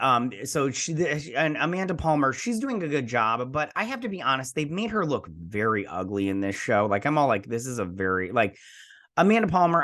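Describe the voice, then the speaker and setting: A man's voice: mid-range voice, fairly bright tone. Chatty opinionated man reviewing a show. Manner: chatty, rambling, opinionated, frequent fillers. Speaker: host. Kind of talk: casual TV episode review.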